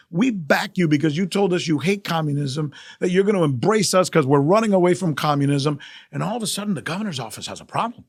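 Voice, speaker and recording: A middle-aged male journalist hosting a podcast, giving emphatic, animated news commentary and repeating key phrases for effect. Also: a little high, breathy edge, dry recording, studio quality.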